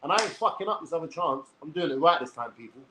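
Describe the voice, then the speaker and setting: London bloke in his 40s, swears a lot, ranting at the camera, voice a bit on the high side. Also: expressive, fast talker, bright, forceful tone, a little hiss or hum, rough recording. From England. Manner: blunt, swears freely, addresses viewers as people. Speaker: online personality. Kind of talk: rambling talk to camera.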